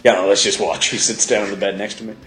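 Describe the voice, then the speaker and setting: A man's voice: fairly low pitch, steady tone, fast, fairly bright tone. Crude rambling man, roomy sound. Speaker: podcast co-host. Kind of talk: casual comedic chat. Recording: roomy recording, faint music.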